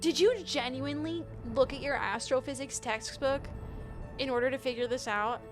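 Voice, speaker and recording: A young woman with a high, light voice talks casually as she streams, reading chat aloud and laughing easily. She gets flustered and quick when things go wrong. Game music plays clearly behind her. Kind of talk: casual live-stream chat while gaming.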